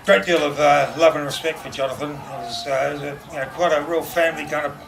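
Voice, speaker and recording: A man giving a memorial speech, telling fond stories in a halting way and laughing often, recorded from a distance in a noisy room. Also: on the high side, steady tone, vocal fry, fairly bright tone. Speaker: eulogy speaker.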